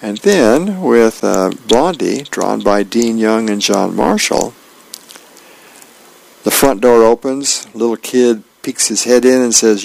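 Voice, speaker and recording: A man volunteering as a radio reader, reading the newspaper and comics aloud in a gentle, plain way. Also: medium pitch, expressive, slow, creaky, no room sound.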